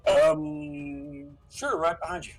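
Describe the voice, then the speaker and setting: A man with a gravelly, lively voice plays along in a tabletop game. He talks offhandedly and sounds a bit unsure. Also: high-pitched, slow, faint music behind, poor audio. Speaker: player. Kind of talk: casual tabletop game play.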